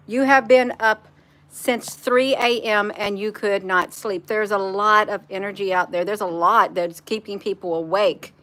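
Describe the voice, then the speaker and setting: A woman's voice: mid-range voice, fairly bright tone. A woman talking earnestly on a live stream, repeating herself for emphasis and reading viewer comments aloud. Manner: repetitive, earnest, reads chat comments aloud. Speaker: spiritual vlogger.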